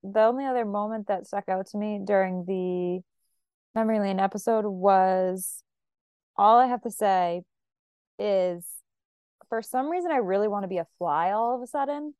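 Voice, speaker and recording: A woman hosting a casual podcast chat, animated and giggly as she retells moments with quoted reactions. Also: medium pitch, moderate pace, clean tone, dry recording, clean studio sound. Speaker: podcast host.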